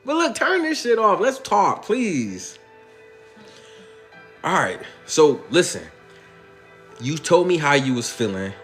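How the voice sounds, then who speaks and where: A man giving a coaxing, profane spiritual pep talk to his other self in a comedic sketch, drawing out his key lines slowly. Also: a little high, big pitch swings, fairly bright tone, faint music behind. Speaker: motivational speaker.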